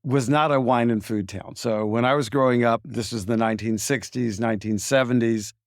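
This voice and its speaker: A man's voice: medium pitch, brisk, dry recording. A man in his sixties from Memphis with a Southern accent, telling stories as a winery owner in a studio interview. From Memphis, Tennessee. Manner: relaxed, reminiscing, easygoing. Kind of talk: storytelling interview answers.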